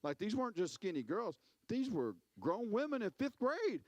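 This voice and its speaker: Animated male preacher, dry sound. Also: sits high, moderate pace, no echo. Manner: animated storytelling, repeats words, acts out quotes. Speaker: pastor. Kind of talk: sermon.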